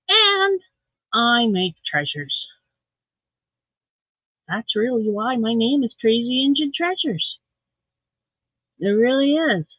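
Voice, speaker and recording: Woman, livestream host, tired and yawning, rambling chat, slow unhurried talk, thin phone-like sound. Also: medium pitch, no echo. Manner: chatty, rambling, self-deprecating. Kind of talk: casual livestream chat with viewers. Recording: tinny phone-like dry audio.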